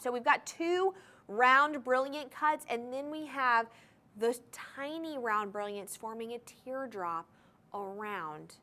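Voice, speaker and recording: A woman's voice: a little high, sharp tone. A woman hosting a live TV shopping show from a studio, selling jewelry in an enthusiastic, gushing way and talking straight to the viewers. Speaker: shopping TV host. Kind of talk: live home-shopping sales pitch.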